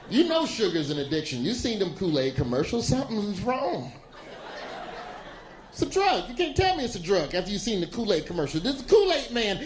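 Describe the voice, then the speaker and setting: A man from Alabama, doing a loose, animated stand-up set on a stage. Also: fairly high pitch, normal speed, crowd noise, background noise. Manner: animated, loose storytelling with exaggerated voices. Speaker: stand-up comedian. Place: comedy stage before a live audience.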